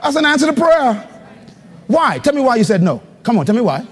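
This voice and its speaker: A man preaching a live sermon as pastor to a congregation, calling for responses and swinging between loud high exclamations and low murmurs. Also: big pitch swings, brisk, slightly rough. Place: church hall before a congregation. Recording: live recording with long hall reverb.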